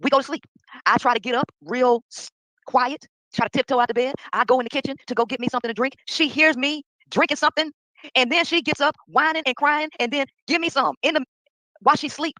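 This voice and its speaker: A woman's voice: high-pitched, fast, sharp tone, no echo, low-quality recording. A woman venting casually to her viewers in an exasperated, direct way. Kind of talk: casual rant.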